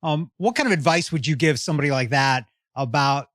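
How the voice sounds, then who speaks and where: A man's voice: a little high, brisk, fairly bright tone, dry recording. Middle-aged male podcast host, dry sound. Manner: friendly, asks long framing questions, backchannels often. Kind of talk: interviewing.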